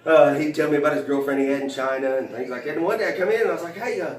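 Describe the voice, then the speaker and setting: A man's voice: medium pitch, very fast. Rambling man telling stand-up stories. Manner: rambling, many fillers and restarts. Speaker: comedian. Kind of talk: stand-up storytelling. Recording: roomy, from a distance.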